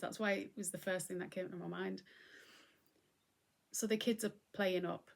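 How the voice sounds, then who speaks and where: A middle-aged woman giving a gentle, conversational talk on mindfulness and acceptance as host. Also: medium pitch, steady tone, moderate pace, creaky, pauses often. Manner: gentle, conversational, often acting out what she would say.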